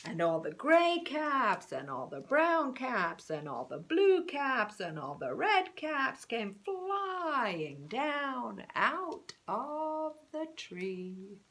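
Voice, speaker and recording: Slow, lively woman storyteller. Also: high-pitched. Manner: slow, expressive, with whispered suspense. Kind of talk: reading a picture book aloud.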